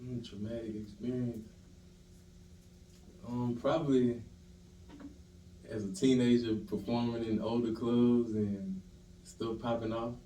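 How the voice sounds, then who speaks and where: A man from Louisiana, a podcast guest and performer, answering in a halting way and often restarting his sentences. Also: medium pitch, fairly even intonation, dark tone. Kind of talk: casual interview chat. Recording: roomy room, distant mic, faint hiss.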